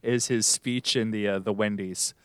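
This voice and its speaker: A man co-hosting a podcast in a relaxed, chatty way. His voice is smooth and resonant, and the recording is close and dry. He rambles happily and trips over names now and then. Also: on the low side, normal speed, no echo. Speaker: podcast co-host. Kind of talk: casual chat about a TV show.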